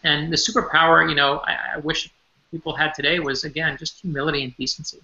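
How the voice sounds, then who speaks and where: Guy on a remote call from his home office, gravelly and really tense-bright, echoey dull audio, earnest, keeps restarting his sentences. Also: on the high side, level tone, fast talker. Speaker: author as guest. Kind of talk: remote interview, personal stories.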